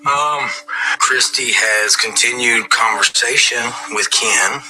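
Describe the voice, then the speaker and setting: A man's voice: mid-range voice, slow, bright, forceful tone, slight background noise, rough recording. A man in a reality TV confessional, talking bluntly and heatedly about protecting his wife. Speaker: reality show husband. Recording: reality TV clip with music.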